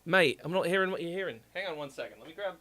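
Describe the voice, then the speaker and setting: Male streamer host, casual and jokey with frequent swearing; bright, animated voice, dry close sound. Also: fairly high pitch, rapid-fire, no echo. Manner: swears freely, rambling and jokey. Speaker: streamer and song critic. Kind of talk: casual live-stream chat.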